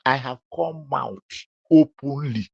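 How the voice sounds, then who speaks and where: Guy lecturing a critic real slow, keeps repeating his questions, kinda muffled audio. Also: medium pitch, vocal fry, husky, dry recording. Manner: emphatic, scolding, repeats rhetorical questions. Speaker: public figure addressing a critic. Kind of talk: direct-address rebuttal.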